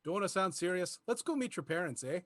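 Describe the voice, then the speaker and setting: A male improv performer with a high, swooping voice and a quick pace plays a laid-back Canadian boyfriend, a Mountie type, in a put-on Canadian accent. His replies are terse and end in "eh." There's no room sound.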